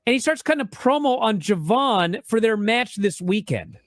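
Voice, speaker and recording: A man's voice: high-pitched, expressive, moderate pace, dry recording, clean studio sound. A man co-hosting a wrestling podcast, ranting with exasperation and frequent profanity. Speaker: podcast co-host. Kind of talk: heated wrestling commentary rant.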